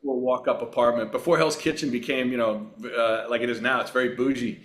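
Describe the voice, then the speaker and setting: A man in his sixties from Long Island, a guest on a podcast, telling relaxed, rambling anecdotes with plenty of fillers. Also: medium pitch, a little fast. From Long Island, New York. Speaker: guest actor. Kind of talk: relaxed storytelling in a podcast interview.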